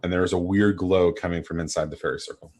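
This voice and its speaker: Male game master, very low husky voice, unhurried scene narration. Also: steady tone, darkish tone. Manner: descriptive, unhurried scene-setting.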